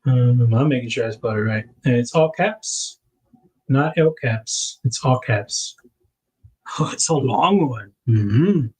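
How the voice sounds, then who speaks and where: Over a rough recording, a man with a medium-pitched, slightly rough voice and lively intonation speaks slowly. As host of a casual livestream, he narrates while packing things, rambling and self-correcting with small laughs.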